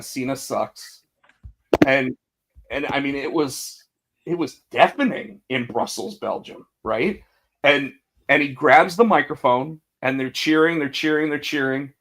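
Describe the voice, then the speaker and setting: A man's voice: medium pitch, unhurried. A man co-hosting a casual wrestling podcast, telling the story with energy, acting out quotes and restarting his sentences often. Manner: animated storytelling, acts out quotes, many restarts. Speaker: podcast co-host.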